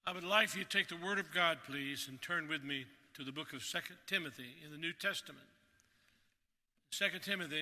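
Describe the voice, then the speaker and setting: A man's voice: fairly high pitch, bright, forceful tone, in a large hall. A man preaching a sermon as pastor, earnest and emphatic, repeating key phrases for weight. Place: church sanctuary.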